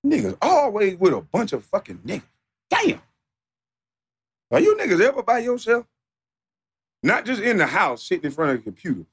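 A man streaming live, ranting off the cuff in a profane, mocking, animated way that sometimes turns to shouting. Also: sits high, a little fast, vocal fry, slightly rough. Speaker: livestreamer. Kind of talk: off-the-cuff livestream rant.

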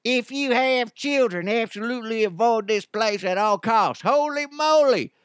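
A man putting on a shrill, outraged complaining parent. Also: measured pace, clean tone, no room sound, studio quality. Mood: outraged ranting. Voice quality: goofy, shrill, over-the-top. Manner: ranting, yelling. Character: angry complaining parent reviewer, goofy accent. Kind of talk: comic reading with a put-on voice.

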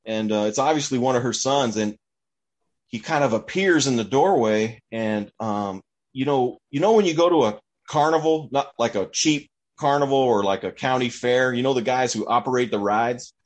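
A man in casual chat, telling an anecdote in an animated way and acting out the voices of people in it. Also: mid-range voice, normal speed. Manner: animated, acts out voices in his story. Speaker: storyteller.

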